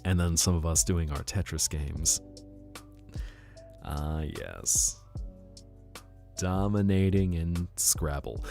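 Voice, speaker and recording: A man's voice: sits low, slow pace, gravelly, long pauses, mellow, faint music behind. A man streaming live, chatting casually with his viewers in a playful, teasing way. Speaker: VTuber streamer.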